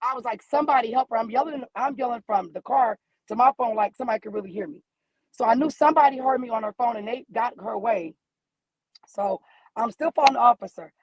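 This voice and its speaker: Calling from her car, this Midwestern mother in middle age shares an emotional personal account as a guest caller, acting out each character's lines with lively flair. Her voice is slightly high, slightly rough, and a touch quick, captured dry on a poor-quality line.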